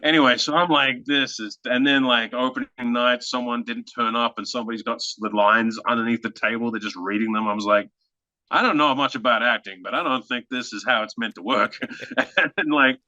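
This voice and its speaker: A man with an Australian accent, a guest actor telling an animated, self-mocking anecdote in conversation. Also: medium pitch, a little fast, no echo, highs cut off.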